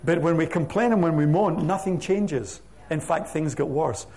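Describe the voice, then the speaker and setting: A man preaching a sermon to his church, reading scripture aloud with slow, emphatic stress. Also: on the high side, creaky, a little mellow. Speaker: pastor. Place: church sanctuary.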